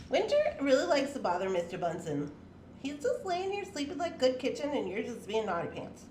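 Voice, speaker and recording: Woman host, casual morning stream; high, sing-song delivery, home mic with a little noise. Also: sing-song, brisk, a little mellow. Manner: chatty, greets viewers one by one by name; playful baby talk to her cats. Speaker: livestream host. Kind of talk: casual morning livestream chat.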